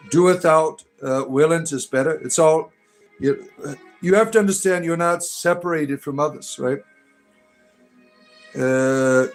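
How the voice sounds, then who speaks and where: A man hosting a livestream, mocking and combative as he answers chat, often tagging his points with "right?". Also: medium pitch. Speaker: livestream host.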